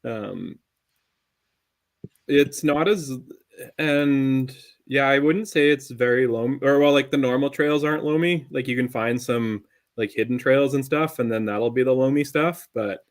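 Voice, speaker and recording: An easygoing man from western Canada talks as a podcast guest, often restarting his phrases mid-thought. His voice sits at a middle pitch in a relaxed conversational delivery. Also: measured pace. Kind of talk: casual chat.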